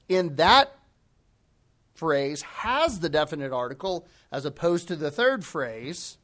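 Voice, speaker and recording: A man preaching a sermon, emphatic, slowing down to press home key phrases. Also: fairly high pitch, a bit bright.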